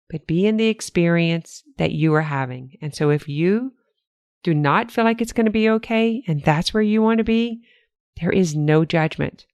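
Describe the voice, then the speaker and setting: A woman's voice: low-pitched, creaky, a little mellow, no echo. An older woman hosting a solo podcast, talking in an earnest, encouraging way with repeated motivational phrases. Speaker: podcast host.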